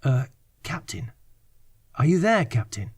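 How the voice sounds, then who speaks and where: A man's voice: mid-range voice, very animated, unhurried, darkish tone, slightly rough, no room sound, studio quality, exaggerated voice. A man voicing the anxious male first-person hero of an audiobook, calling out in a raised voice.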